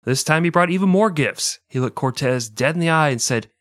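A man's voice: medium pitch, fairly quick, few pauses, a bit bright, no echo, studio quality. A man hosting a podcast, narrating history in a wry, profane, laid-back comedic style.

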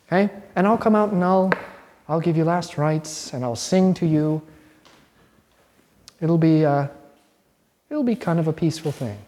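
A man, a priest, giving an informal, lively sermon in a church and telling the stories animatedly. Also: on the high side, normal speed, pauses often. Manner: conversational, animated storytelling. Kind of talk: informal sermon and Bible study. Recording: long hall reverb.

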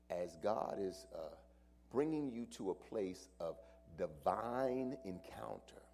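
Delivering a sermon straight to the congregation, this male preacher swings between shouting and almost whispering. His low voice is animated, and he takes his time.

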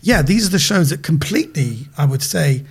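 A middle-aged man with a British accent, an animated guest comedian chatting on a podcast who repeats words as he gets going. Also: fairly high pitch, fairly quick, husky. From Britain. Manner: animated storyteller, repeats words when excited. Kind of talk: casual podcast chat.

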